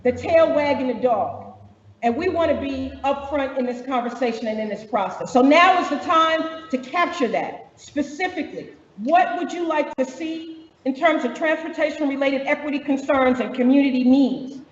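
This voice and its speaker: A woman's voice: sits high, normal speed. A woman facilitating a workshop, giving direct, conversational instructions with fillers to the room. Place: large conference room. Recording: echoey hall, distant, dull lo-fi.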